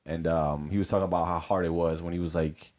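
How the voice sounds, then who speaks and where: Laid-back deep-voiced man, rambling. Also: steady tone, fast talker, darkish tone. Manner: laid-back, rambling with frequent fillers and profanity. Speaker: podcast co-host. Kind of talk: casual chat.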